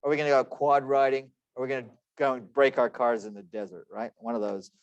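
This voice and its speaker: A man's voice: medium pitch, little pitch movement, brisk, clean tone, no echo, lo-fi sound. Joking male lecturer with a dry close sound. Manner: chatty, joking, self-deprecating asides. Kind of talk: online class lecture. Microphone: computer microphone.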